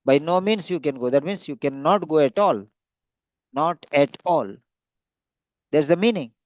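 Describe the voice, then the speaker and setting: A man's voice: on the high side, animated, a little fast, no echo. A man giving a classroom lecture, repeating and stretching key words for emphasis. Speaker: English teacher.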